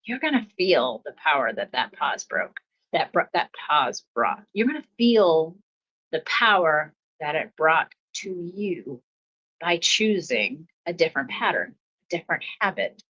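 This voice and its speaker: A woman hosting a self-help podcast, talking calmly about pausing before reacting, with steady, repeating coaching phrases and soft laughs. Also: on the low side, highs cut off. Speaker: podcast host. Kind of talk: reflective self-help talk.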